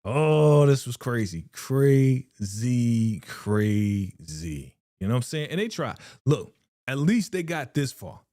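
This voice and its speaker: A man chats on a live reaction stream, with slang, repeated phrases and frequent sighs. His pitch swings widely as he talks. The sound is close and dry, with no room echo. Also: sing-song, fairly quick, darkish tone. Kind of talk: casual live reaction chat.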